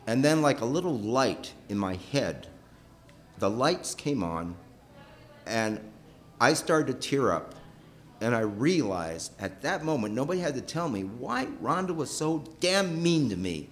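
A middle-aged man telling a personal story with emotion. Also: measured pace. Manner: emotional, animated, pitch rising and falling sharply.

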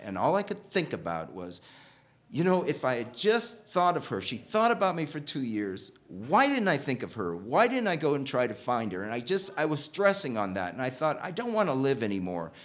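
A man's voice: big pitch swings, normal speed, fairly bright tone. A man telling an emotional personal story from his own life, acting out the people he quotes. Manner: emotional, voices quoted people with big pitch jumps.

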